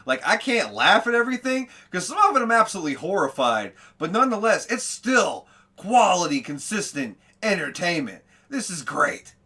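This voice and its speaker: A man with a high, lively voice gives casual reaction commentary. He drops amazed, profane asides between clips. His tone is bright and a little husky. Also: normal speed. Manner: swearing, amazed, laughing asides. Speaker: reaction video host.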